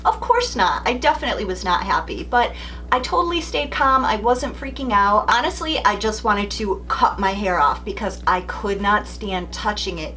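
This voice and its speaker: A woman's voice: on the high side, fairly bright tone. Chatty middle-aged woman beauty vlogger. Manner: chatty, candid, talks straight to camera. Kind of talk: casual beauty vlog storytelling.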